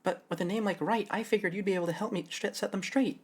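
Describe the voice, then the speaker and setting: A man's voice: sits high, fairly even intonation, fast, husky, voice pushed up. A man voicing a perky young woman who performs in an aquarium pirate show, full of fish puns and pleading for help. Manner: bubbly, pun-filled, pleading.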